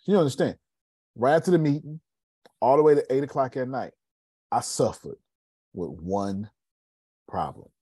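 A man's voice: mid-range voice, animated, moderate pace, pauses often, dark tone, breathy edge, dry recording. A man hosting a coaching meeting, talking in a casual, blunt style, repeating points and swearing freely while calling on listeners by name. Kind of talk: casual motivational talk.

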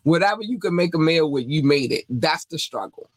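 A woman's voice: sits low, animated, brisk, breathy edge, no room sound, low-quality recording. Woman podcast host from North Carolina: blunt, profane, scolding commentary, dry close sound. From North Carolina, USA. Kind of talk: entertainment news podcast commentary.

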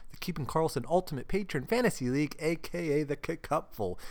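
A man hosting a solo sports podcast, upbeat and jokey, often laughing mid-sentence. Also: mid-range voice. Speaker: podcast host.

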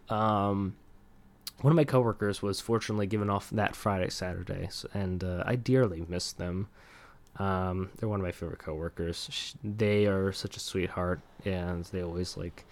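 A young man hosting a casual solo podcast, rambling with lots of fillers and laughing at himself. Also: fairly low pitch. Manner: rambling, filler-heavy, self-deprecating, laughs often. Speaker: podcast host.

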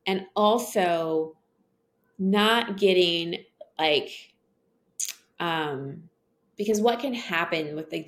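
Gravelly low-voiced woman guest. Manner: earnest, animated storytelling. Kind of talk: casual interview conversation.

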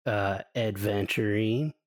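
A man playing a tabletop game, answering in a deadpan, joking way. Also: lowish voice, slow. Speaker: player. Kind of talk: casual tabletop game chat.

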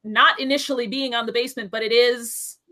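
Bright, chatty woman asking questions. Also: on the high side, fairly even intonation, fairly quick. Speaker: podcast co-host. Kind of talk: casual chat.

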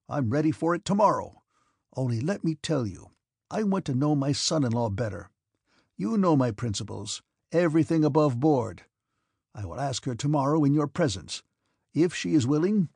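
A man reading the part of a cranky, abrupt old prince with sharp, mocking outbursts. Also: a little high, very animated, normal speed, gravelly, slightly rough, no room sound, clean studio sound, full character voice. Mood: angry. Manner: barking, mocking, piercing outbursts.

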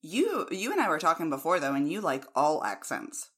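An American woman chats in a relaxed way and laughs easily. Her voice sits very low for a woman. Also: moderate pace. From United States. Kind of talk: casual chat.

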